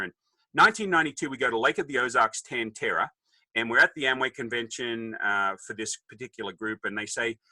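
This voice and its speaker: A man's voice: medium pitch, pushed and bright, no echo, poor audio. A man in his fifties with an Australian accent, telling a joking story as a podcast guest and acting out the people in it. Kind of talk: casual storytelling.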